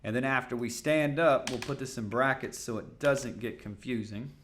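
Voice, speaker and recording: Bright-voiced man coaching sales calls. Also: slight background noise. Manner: acts out sales-call lines in a loud, high, punchy voice; casual, coaching, fast talk with fillers. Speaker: sales trainer. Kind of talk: sales masterclass lesson.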